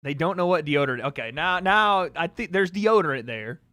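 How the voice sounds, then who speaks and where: High, bright-voiced male streamer. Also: animated, fairly quick, no room sound, studio quality. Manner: joking, trolling banter with his chat. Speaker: livestream host. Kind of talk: casual livestream chat. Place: home.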